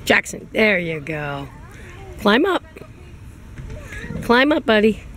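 A woman's voice: mid-range voice, big pitch swings, takes it slowly, a bit bright, slight background noise. A mother filming her toddler outdoors at a playground, coaxing him along in sing-song baby talk. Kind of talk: home video chat.

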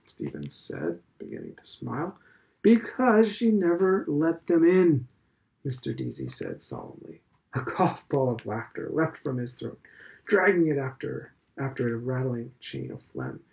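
A male professor reading a novel aloud in a measured, even narrating voice. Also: mid-range voice, creaky. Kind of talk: audiobook-style literary reading.

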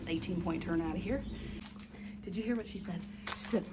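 Excitable, over-caffeinated woman vlogger unboxing finds, casual chatter, noisy home recording. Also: on the low side, brisk. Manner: chatty, excitable, talks to viewers while unboxing. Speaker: reseller vlogger.

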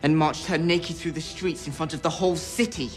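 A man's voice: on the high side, steady tone, a little fast, faint music behind, lightly acted. Posh RP young man playing a king. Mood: reproachful. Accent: posh RP English.

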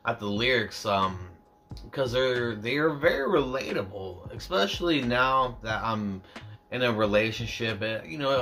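A man's voice: on the low side, pushed and bright. A young man rambling casually about a song he is reacting to, self-mocking and easily distracted. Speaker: music reaction YouTuber.

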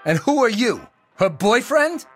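Sneering teen gang leader, high and lively husky delivery, game music bed. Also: male voice, unhurried, exaggerated voice. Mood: taunting. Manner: taunting, cocky. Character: teenage male bully, gang leader, sneering. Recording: game audio with background music.

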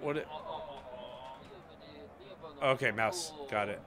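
A man of medium pitch hosts a gaming channel, chatting slowly and bemusedly to himself as he plays. It's let's-play commentary, with a crowd audible in the background.

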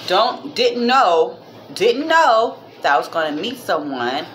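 A woman's voice: medium pitch, very animated, slow, a bit bright, a little hiss or hum. A woman vlogger and mother chatting casually to her viewers, rambling and heartfelt, calling them "y'all", with a minor cough. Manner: heartfelt, religious. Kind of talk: casual chat to camera.

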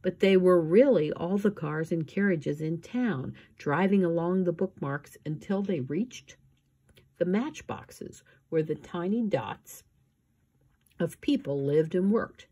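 Audiobook narrator: woman, low and husky, steady measured reading. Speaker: audiobook reader. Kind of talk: scripted narration.

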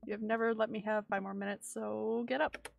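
A woman's voice: mid-range voice, flat delivery, brisk, vocal fry, lo-fi sound. A woman voicing a sarcastic teenage daughter who teases her dad, in a game read-aloud. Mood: teasing. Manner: teasing, sarcastic.

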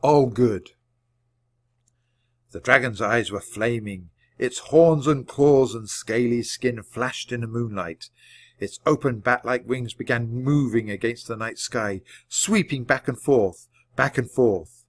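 Guy reading a kids' book out loud, steady clear pace, medium pitch. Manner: measured, clear reading at natural speed. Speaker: audiobook reader. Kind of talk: storybook narration read aloud.

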